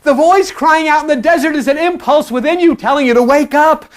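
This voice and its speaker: A preacher giving an impassioned sermon, blunt and repetitive, swinging from low murmurs to sudden loud outbursts. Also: fairly quick. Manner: blunt, repetitive, earthy slang.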